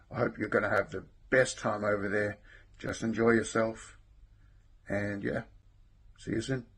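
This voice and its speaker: Friendly man with a lowish voice. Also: slight background noise. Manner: friendly, softening off.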